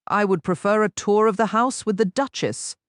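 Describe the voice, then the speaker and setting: A woman voicing an impulsive young noblewoman who talks quickly, indignantly and earnestly, in a dry, close audiobook recording. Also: medium pitch, no room sound, pitched above the performer's own voice, natural voice.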